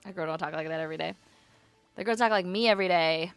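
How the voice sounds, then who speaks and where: A woman chatting to herself while she plays a video game, rambling and giggly, her voice climbing high when she gets nervous. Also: quick pace, creaky, clear, resonant tone, dry recording, soft background music. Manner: rambling self-talk, giggly. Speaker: streamer. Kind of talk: casual gameplay commentary.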